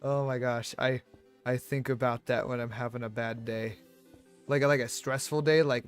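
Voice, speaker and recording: A man streaming, telling a story in a rambling, animated way with many restarts and fillers. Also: medium pitch, moderate pace, clear, resonant tone, faint music behind. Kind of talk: casual storytelling on a live stream.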